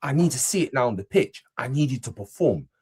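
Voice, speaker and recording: A young man talks fast on a fan panel show. He is animated and repeats his points over and over. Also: medium pitch, breathy edge. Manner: animated, repeats himself, self-deprecating. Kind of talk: casual football fan chat.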